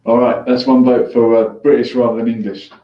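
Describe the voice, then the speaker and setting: A man's voice: mid-range voice, level tone, brisk. A man hosting a call-in show, chatting casually with callers, joking and laughing easily. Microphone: headphones on, mic at a distance. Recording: echoey room, distant dull lo-fi mic.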